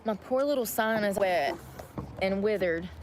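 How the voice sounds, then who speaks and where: A woman who live streams, chatting casually in a soft, meandering way with many fillers. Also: medium pitch, measured pace, slight background noise. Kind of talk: casual chat.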